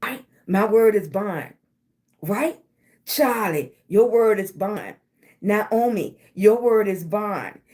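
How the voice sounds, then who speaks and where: Slow, emphatic motivational woman. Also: medium pitch, lively intonation, a little mellow. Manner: emphatic, repetitive affirmations, calls viewers baby. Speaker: livestream host. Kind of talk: motivational livestream talk.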